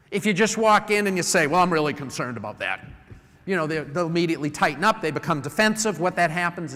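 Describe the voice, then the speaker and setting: A middle-aged man from New England giving a live conference talk, a lively storyteller who acts out customer phone calls. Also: sits high. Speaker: conference speaker. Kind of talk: live presentation to an audience. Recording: long hall reverb.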